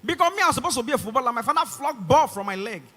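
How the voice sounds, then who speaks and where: A young man with a Nigerian English accent performing a stand-up comedy routine on a concert stage, animated and acting out voices. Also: extremely high pitch, very fast. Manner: animated, acts out voices and shouts. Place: large concert hall stage. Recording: live concert hall reverb.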